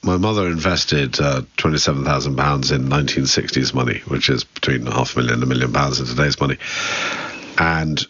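Deep-voiced wry English man. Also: a little fast, a bit bright, husky, dry recording, lo-fi sound. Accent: Southern English. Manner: dry, wry and candid. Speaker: guest, son of the director. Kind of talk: reflective interview talk.

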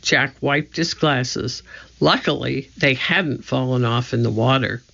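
A narrator giving an expressive, measured reading of a children's storybook. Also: mid-range voice, creaky. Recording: dull lo-fi recording.

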